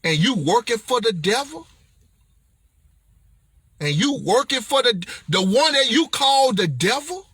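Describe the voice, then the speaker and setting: A man delivering an impassioned motivational message, blunt and confrontational in a preacher-like way, often raising his voice to a shout. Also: very high voice, very animated, measured pace, pauses often, husky, no echo. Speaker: motivational speaker.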